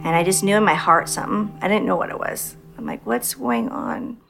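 A woman's voice: mid-range voice, quick pace, over music. A middle-aged mother telling a story in an interview, animatedly acting out what she said back then. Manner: animated storyteller acting out her own quotes. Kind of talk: casual interview.

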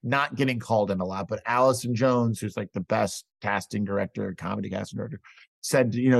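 Podcast guest, male, relaxed storyteller, salty language, dry close mic. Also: lowish voice, a little fast, creaky, dry recording. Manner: loose, swears a lot, laughs while telling stories. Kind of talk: casual chat.

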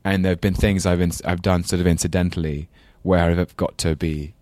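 Deep-voiced Englishman musing in an interview. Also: fairly even intonation, a little fast, dark tone, no room sound. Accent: English, London. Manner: thoughtful, rambling, self-deprecating, laughs often. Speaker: actor guest. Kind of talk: casual interview chat.

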